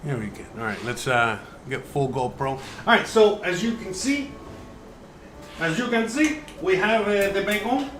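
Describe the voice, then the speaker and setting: A man's voice: high-pitched, lively intonation, moderate pace. Chatty man cooking in an echoey kitchen. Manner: chatty, distracted, talks while working. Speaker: cooking show host. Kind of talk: casual live cooking demo. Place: home kitchen. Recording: roomy echo, mic far off, background noise.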